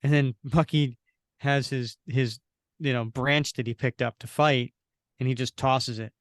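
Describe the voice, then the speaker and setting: Man, podcast co-host, casual comic recap, animated delivery, dry close sound. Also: medium pitch, no room sound. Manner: animated, acts out character lines in quick bursts. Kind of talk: casual comic recap, reading lines aloud.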